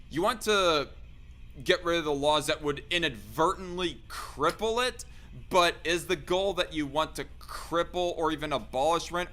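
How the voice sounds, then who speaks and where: Bright, smooth-voiced hesitant man. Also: a little high. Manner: hesitant, self-correcting. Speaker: podcast host. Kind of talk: casual podcast discussion.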